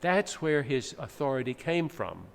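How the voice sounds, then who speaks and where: Pastor guy, gravelly voice, teaching a sermon, echoey church w faint noise. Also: mid-range voice, sing-song, measured pace. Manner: explanatory, teacherly, with dramatic readings. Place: church sanctuary.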